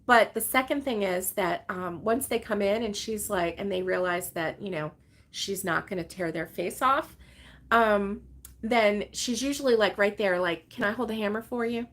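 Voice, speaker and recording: At home with her dogs nearby, a crochet channel host chats casually with her livestream viewers, reading their comments, wandering from topic to topic, and laughing often. She speaks unhurriedly in a medium pitch that's slightly bright.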